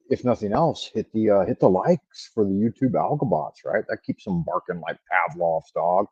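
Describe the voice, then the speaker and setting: A man's voice: sits low, a little mellow, slightly rough, no echo. A man hosting a livestream, chatting casually in a rambling, profane, joking way. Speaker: livestream host. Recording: dull lo-fi microphone sound.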